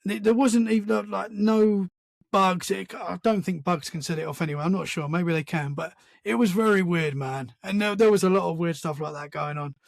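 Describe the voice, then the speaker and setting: A man, a podcast guest, telling a story in casual conversation, animated and full of restarts. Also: sits high, a little fast, gravelly, no echo. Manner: animated storyteller, acts out sounds and quotes; many restarts and "man" fillers.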